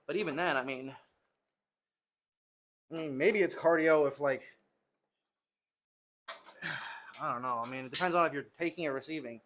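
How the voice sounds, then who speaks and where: A man's voice: on the high side, normal speed, pauses often, a bit bright, slight background noise. A man livestreaming from his home gym, tired and winded from lifting, rambling and joking with his chat between sets.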